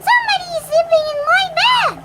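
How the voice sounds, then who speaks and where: A tiny baby bear from a storybook, voiced by a woman squeaks in a high, piping voice. He talks fast and excitedly. Engine noise hums clearly behind him. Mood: upset.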